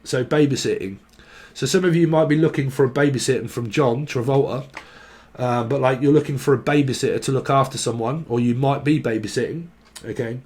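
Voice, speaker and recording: A man gives a casual, rambling channelled tarot reading, hopping between word associations, breaking into sung snatches and laughing often. His medium-pitched voice is a little mellow and keeps a moderate pace.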